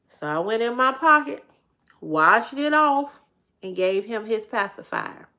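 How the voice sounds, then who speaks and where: Bright-voiced woman telling a blunt story. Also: mid-range voice, normal speed. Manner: blunt, profane, animated storytelling. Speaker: livestream host. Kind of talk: casual storytelling to a live chat.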